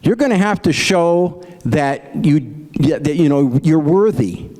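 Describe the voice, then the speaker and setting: Folksy male comedian, lively pitch. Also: measured pace. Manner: folksy storyteller, acts out grandparents in raised voices. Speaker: stand-up comedian. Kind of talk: folksy stand-up joke telling.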